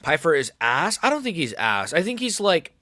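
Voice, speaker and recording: A man hosting a casual livestream, reading chat aloud and talking in a relaxed, rambling way with many fillers and restarts. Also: a little high, normal speed, no echo, studio quality. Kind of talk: casual live-stream chat.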